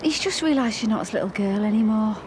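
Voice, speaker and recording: A woman's voice: mid-range voice, animated, fast, background noise, natural voice. An actress playing a middle-aged, pious mother, scolding and soothing in a TV soap drama. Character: worried mother, pious and protective.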